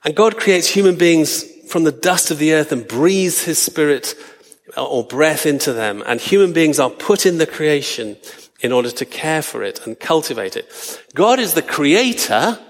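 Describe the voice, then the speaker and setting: A man preaching a sermon, earnest and slowing down for emphasis. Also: fairly high pitch, animated, long reverb tail.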